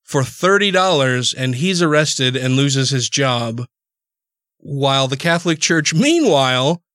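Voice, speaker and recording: A man's voice: mid-range voice, expressive, a little slow, a bit bright, dry recording, studio quality. A man hosting a podcast, chatting casually, laughing often and swearing freely. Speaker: podcast host.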